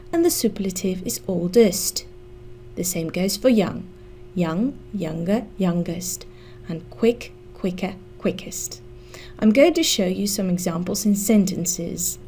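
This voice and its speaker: A woman teaching an English grammar lesson, explaining slowly and deliberately and spelling out letters. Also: on the low side, dark tone, slight background noise.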